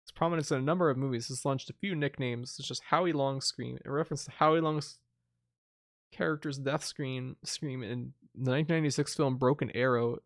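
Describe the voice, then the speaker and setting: A man's voice: mid-range voice, fairly even intonation, a little fast, no echo, studio quality. A man giving casual gameplay commentary, chatty and amused, musing aloud. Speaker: let's play streamer.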